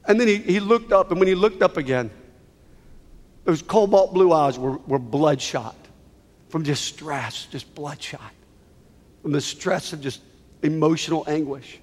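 A male preacher with a high voice delivers a sermon as a gripping story. He swings from quiet, heavy passages to loud, pleading peaks. His voice rings with the long reverb of a large hall. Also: measured pace, pauses often. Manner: emotional, swells from hushed to near-shouting.

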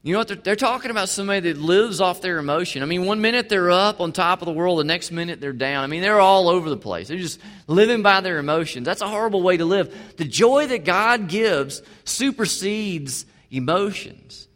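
A male pastor preaching a sermon, swinging from emphatic to quiet. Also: high voice, lively intonation, fast, few pauses. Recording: long hall reverb.

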